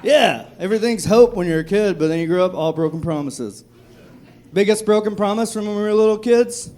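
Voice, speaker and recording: A man from Texas performing a live stand-up set on a comedy club stage, with profane, dark, self-mocking jokes. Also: high-pitched, fairly quick. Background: audience laughter.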